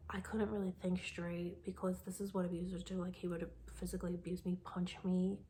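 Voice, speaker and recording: Woman around 40, mellow low-key voice, half whispers her testimony, lots of um and you know. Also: little pitch movement, a little hiss or hum. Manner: soft, often half-whispered, halting with many fillers. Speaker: vlogger sharing a faith testimony. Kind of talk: personal testimony storytelling.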